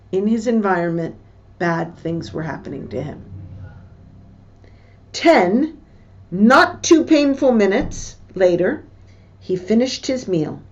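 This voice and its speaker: A woman teacher reading a book passage aloud and stopping to explain what words mean, in a slow, deliberate way. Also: mid-range voice, a little mellow, dull audio. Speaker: English teacher.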